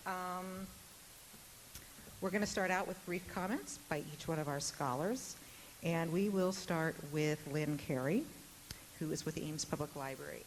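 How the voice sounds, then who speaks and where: Woman, low voice, panel moderator, witty and chatty, long hall reverb. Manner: warm tribute, witty, chatty with fillers. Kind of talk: public talk. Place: lecture hall. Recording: noisy hall recording with hiss.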